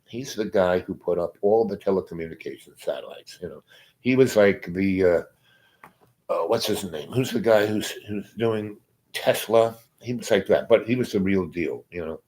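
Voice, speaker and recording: A man's voice: sits low, moderate pace, a little mellow, low-quality recording. A man telling a long, rambling story as a guest, trailing off and restarting his sentences often.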